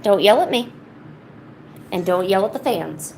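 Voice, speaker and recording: Woman, casual art streamer at home. Rambling, self-interrupting, drops into a soft coo for her pet. Faint background noise. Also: medium pitch, animated, unhurried, vocal fry, rough recording. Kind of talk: casual chat while painting. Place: home, indoors.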